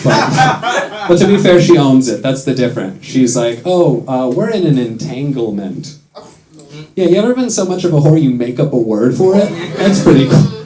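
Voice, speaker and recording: An American man with a mid-range voice does stand-up at a London comedy club, delivering sarcastic jokes in a dry, deadpan style and slipping into quick put-on voices. The roomy club recording is filled with loud audience laughter.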